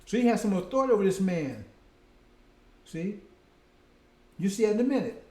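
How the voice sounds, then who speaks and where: A man's voice: sits high, warm tone, echoey room. A man preaching a casual, conversational sermon, often breaking in with "see?" and "right?".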